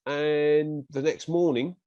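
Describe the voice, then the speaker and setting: A man's voice: on the high side, slow, dry recording, muffled recording. Dry-voiced Englishman telling his story. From England. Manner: animated, acts out quoted speech of others. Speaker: interview guest. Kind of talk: personal storytelling in an interview.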